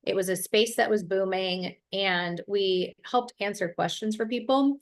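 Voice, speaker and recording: A woman's voice: medium pitch, a little slow. A woman from Ohio, a business coach, telling her story in an interview over a video call with energy and fluency. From Ohio, USA.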